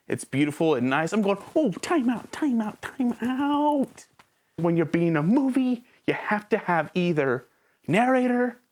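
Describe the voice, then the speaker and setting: A woman's voice: lowish voice, darkish tone. A woman reviewing a movie in a casual video, talking straight to the viewer with sarcastic rhetorical questions.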